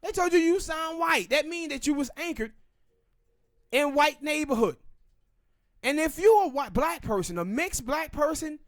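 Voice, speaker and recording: Southern male podcast host, high-pitched, opinionated, talks with hard emphasis. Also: expressive, fairly bright tone, no room sound, studio quality. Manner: emphatic, ranting, drawn-out pauses. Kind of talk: opinionated casual commentary.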